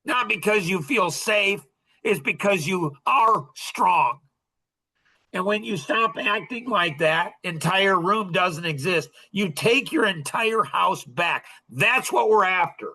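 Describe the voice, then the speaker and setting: A man with a high, bright, forceful voice lectures a group as their coach. He talks bluntly and with heavy emphasis, scolding his listeners and pushing them hard. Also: animated, slow pace.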